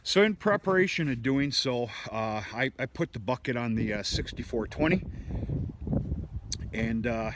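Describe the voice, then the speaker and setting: Folksy farmer with a noisy outdoor mic. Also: male voice, mid-range voice, expressive, normal speed. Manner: folksy, rambling, with frequent restarts and mild cursing. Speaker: cattle farmer. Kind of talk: casual farm vlog. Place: outdoors in a farm feedlot.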